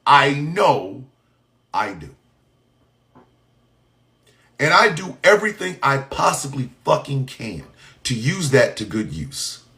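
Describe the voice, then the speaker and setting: A man delivering an impassioned, profane monologue, shouting in bursts and firing off mocking rhetorical questions. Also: mid-range voice, very animated, slow, pauses often.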